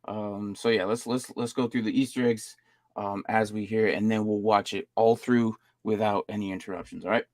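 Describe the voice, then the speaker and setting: A man hosting a casual podcast chat, laughing easily and reading things aloud with halting fillers. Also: on the low side, fairly even intonation, darkish tone, no echo. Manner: loose, laughing, reads signs aloud haltingly. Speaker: podcast host. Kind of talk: casual chat, reacting to a video.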